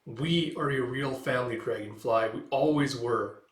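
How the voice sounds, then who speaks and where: A man voicing a steady, earnest older hero who speaks calmly to his team. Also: mid-range voice, normal speed, reverberant, close to an everyday voice.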